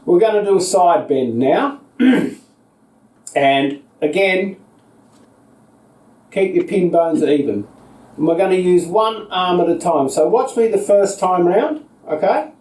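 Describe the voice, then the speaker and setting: A high-pitched Australian man guides a seated yoga practice, with calm, patient instructions paced to inhales and exhales. His voice is picked up from across an echoey indoor room, so it sounds distant and roomy. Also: slow, pauses often. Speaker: yoga teacher.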